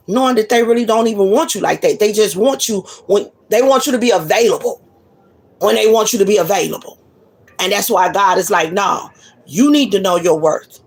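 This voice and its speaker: A woman's voice: mid-range voice, slightly rough. A woman delivering a blunt, profane monologue of relationship advice in a casual, preachy way. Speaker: spiritual reader.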